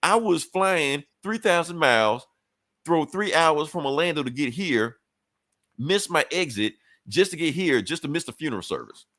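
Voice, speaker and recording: A man's voice: fairly high pitch, lively intonation, moderate pace, a bit bright, no echo, clean studio sound, voice pushed up. A man voicing a fed-up grown son who complains and curses in an exasperated way. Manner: exasperated, cursing.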